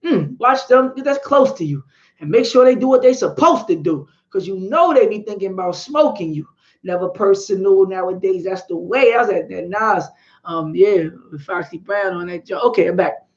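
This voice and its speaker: Animated woman hosting a live history stream. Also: medium pitch, moderate pace, muffled recording. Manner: animated, chatty, greets viewers in the chat.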